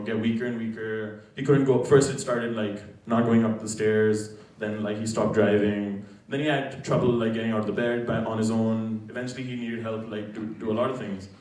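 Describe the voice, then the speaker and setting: A young man, a student, telling a personal story on stage in a casual, halting way, with lots of "like" and "you know". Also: fairly low pitch, fairly even intonation, a little mellow. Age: young adult. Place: college event hall. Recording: very echoey hall, voice from far off.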